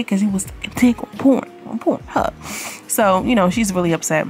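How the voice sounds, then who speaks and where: A woman's voice: mid-range voice, normal speed, a little mellow, faint music behind. A woman giving a blunt, chatty recap of a reality show indoors, talking straight to her viewers. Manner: chatty, blunt, slangy, addresses viewers directly. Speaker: YouTube reality-show reviewer. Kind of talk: casual commentary recap. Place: indoors at home.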